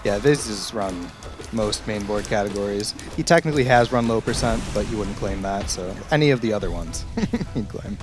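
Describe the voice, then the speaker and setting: A man commentating live on a speedrun, explaining routes and mechanics in a steady, technical way. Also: on the low side, normal speed, over music.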